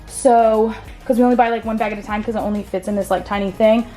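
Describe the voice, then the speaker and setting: A woman's voice: on the high side, steady tone, quick pace, dark tone, soft background music. A woman vlogging casually on her farm, bubbly and chatty, talking to the camera about feeding her animals. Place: outdoors on a farm, then a feed shed.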